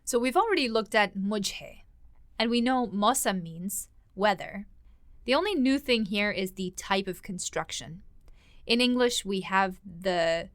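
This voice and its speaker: A woman's voice: mid-range voice, lively intonation, measured pace, no echo, studio quality. A woman hosting a podcast language lesson, conversational and thinking aloud as she explains grammar.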